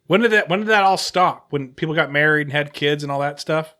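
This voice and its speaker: A man in casual conversation as a podcast host, his voice sitting somewhat high with a bright, pressing tone. He rambles, doubles back on his words and keeps stories going with loose asides. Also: brisk. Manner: rambling, trailing off and restarting mid-sentence. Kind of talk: casual chat.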